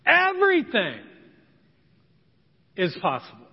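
A man delivers a sermon in a very high, lively voice. He is dramatic and acts out the people in his story. The sound is dull and rings with the long reverb of a church hall. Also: takes it slowly, slightly rough. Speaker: pastor. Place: church sanctuary.

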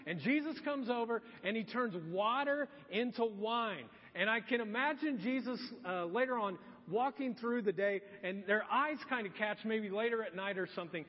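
A man's voice: very high voice, lively intonation, moderate pace, slightly rough, big-room sound, dull audio. A man preaching a sermon as a pastor, in a casual, joking storytelling manner.

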